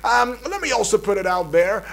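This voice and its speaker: A man with a Nigerian accent hosting a breakfast radio show, hyping up listeners with repetitive, energetic patter from the studio. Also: high voice, fairly quick, creaky. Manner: hype-building, repetitive, calls out to listeners.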